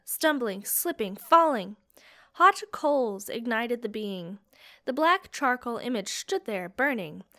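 Woman audiobook narrator, unhurried, dramatic fantasy reading. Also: fairly high pitch, a bit bright. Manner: slow, measured and dramatic.

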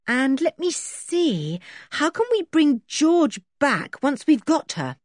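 A woman voicing an excitable young boy who exclaims eagerly in a storybook reading. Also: sits high, slow pace, dry recording, clean studio sound, voice pushed up, full character voice.

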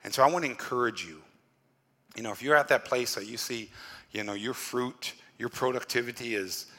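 A man's voice: medium pitch, fairly quick, pushed and bright, big-room sound. A male pastor giving a conversational sermon in church, often repeating words and dropping in "you know". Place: church during a worship service.

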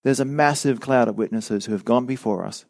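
A man's voice: medium pitch, gravelly, a little mellow, no room sound. Earnest male pastor, dry close sound. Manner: earnest, measured, with dry sarcasm. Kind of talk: sermon.

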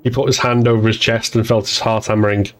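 A man narrating an audiobook in an even, measured storytelling voice. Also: fairly low pitch.

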